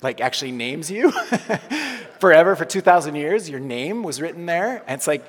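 A man's voice: a little high, very animated, normal speed, husky. Man preaching in a reverberant hall. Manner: conversational, jokey preaching with sudden loud emphasis. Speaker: pastor. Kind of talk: sermon. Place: church hall with congregation.

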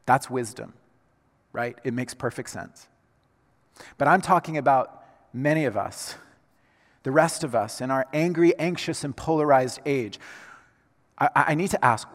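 Man preaching in a reverberant hall. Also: on the high side. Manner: swings from hushed and slow to loud, emphatic preaching. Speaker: pastor. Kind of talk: sermon.

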